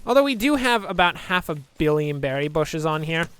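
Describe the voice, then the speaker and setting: A man's voice: on the high side, sing-song, brisk, fairly bright tone, slight background noise. A man giving rambling, joking let's-play commentary, chatting to viewers with self-deprecating asides. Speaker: gameplay commentator.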